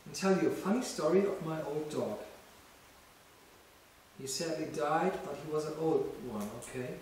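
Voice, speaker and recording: A man, a ghost hunter, coaxing and patient as he speaks softly to an unseen presence inside an old castle. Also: on the high side, moderate pace, far from the mic. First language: German. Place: old stone castle interior. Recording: very echoey stone room, off-mic, light hiss.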